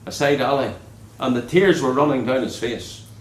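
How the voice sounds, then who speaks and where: A man preaching a sermon in an earnest way, dropping low and soft on key words. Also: moderate pace, reverberant, poor audio.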